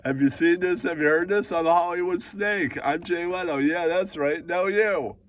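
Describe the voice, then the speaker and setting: A man's voice: high voice, normal speed, recorded from a distance, pitched above the performer's own voice, natural voice. A man voicing a brash, boastful character who dreams of Hollywood and keeps repeating catchphrases. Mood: mocking. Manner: cocky catchphrase-repeating swagger.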